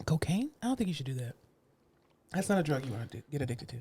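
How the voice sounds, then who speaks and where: A woman co-host in casual podcast chat, talking fast with a lively, swooping pitch. She tells animated stories, acts out the people in them and swears freely. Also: slightly rough.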